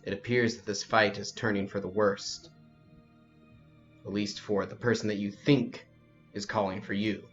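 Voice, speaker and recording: A man narrating a tabletop role-playing game as game master, in slow, descriptive second-person narration, on a lo-fi recording with faint music. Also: fairly low pitch, fairly even intonation.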